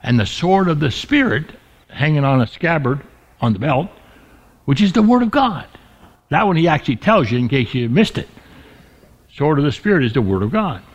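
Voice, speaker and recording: A man's voice: sing-song, moderate pace, pauses often. Emphatic preaching man, lo-fi sound. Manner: emphatic preaching, stretching key words and dropping low for stress. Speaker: pastor. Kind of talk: sermon. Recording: dull lo-fi recording.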